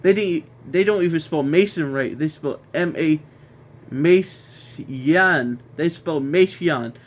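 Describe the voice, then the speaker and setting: A man's voice: on the high side, slow pace. A man hosting a casual wrestling review, ranting in an exasperated way, repeating himself and stumbling over restarts.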